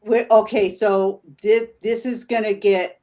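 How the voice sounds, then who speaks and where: A woman's voice: medium pitch, level tone, a little slow, dark tone. Woman, paranormal investigator, chatty, laughs a lot, restarts sentences, video call audio. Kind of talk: casual chat on a video call show.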